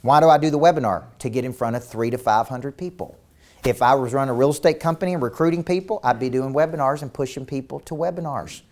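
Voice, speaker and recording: A man's voice: mid-range voice, fast, a little mellow. A man coaching a virtual seminar in an intense, emphatic way, firing rhetorical questions at his audience and repeating words as he starts each point. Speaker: business coach.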